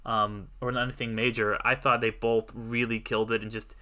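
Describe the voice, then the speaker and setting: A film podcast co-host chats casually through a review, rambling through his thoughts with many restarts. His mid-range voice moves little in pitch and comes fairly quick, pushed and bright, with a clear, resonant tone.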